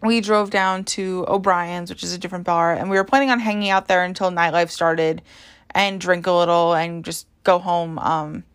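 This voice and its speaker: A woman's voice: fairly low pitch, fairly even intonation, normal speed, smooth. A young woman hosting a podcast, telling a story casually with lots of "like" and "um" fillers. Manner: chatty, heavy use of "like" and "um". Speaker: podcast host.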